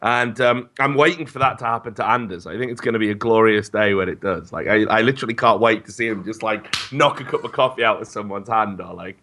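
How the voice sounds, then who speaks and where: Stammering man, low voice. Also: fast, hardly any pauses. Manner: rambling, stammering restarts, animated storytelling. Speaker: podcast co-host. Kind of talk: casual podcast chat.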